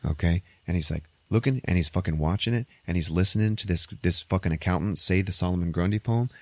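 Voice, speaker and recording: A man's voice: low voice, fast talker, darkish tone, dry recording. A man hosting a podcast, retelling a movie plot in a casual, profane way, laughing as he goes. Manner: profane, laughs through retelling, acts out characters' lines. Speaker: podcast host.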